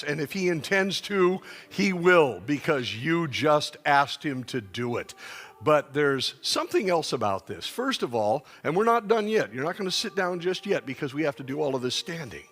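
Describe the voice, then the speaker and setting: A man's voice: fairly high pitch, sing-song, normal speed, a bit bright. A male pastor preaching at a church dinner, teaching and leading the people in call-and-response.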